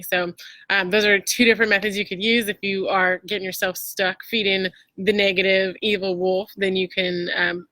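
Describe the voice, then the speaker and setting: A woman's voice: medium pitch, bright, forceful tone, no echo. A woman hosting a casual motivational talk, chatty and full of fillers and restarts. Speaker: host.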